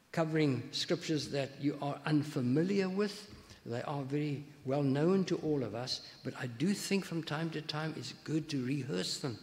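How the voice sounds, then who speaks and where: A man's voice: on the high side, big-room sound. A man, likely an older pastor, preaching a sermon in a conversational way, telling anecdotes and reading scripture aloud.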